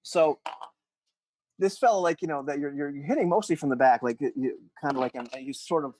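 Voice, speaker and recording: Guy running a tabletop game, kinda rambly, lots of restarts, slightly high voice. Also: brisk, darkish tone, dry recording, poor audio. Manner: rambling, full of restarts and "you know". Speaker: game master.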